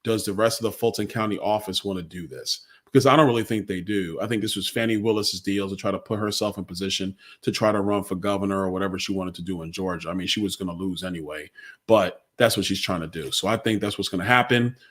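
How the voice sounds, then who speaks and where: A man who is a congressional guest answers in a blunt, plain-spoken way and presses his points hard. His voice sits a little low. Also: fast, a bit bright. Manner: blunt, conversational, emphatic. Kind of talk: interview answers.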